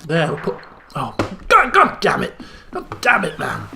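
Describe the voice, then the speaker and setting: A young man commentates a farming game, his high voice leaping around as he repeats phrases in excited bursts. A gravelly edge runs under it, with faint noise in the background. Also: a little slow. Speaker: gaming channel host. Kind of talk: let's play commentary.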